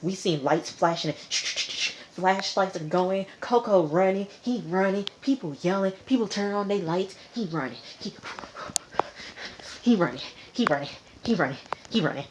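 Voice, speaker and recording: A woman's voice: medium pitch, moderate pace, background noise. A woman giving a casual vlog recap of a TV episode, retelling it dramatically and animatedly, repeating phrases for effect. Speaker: TV episode reviewer.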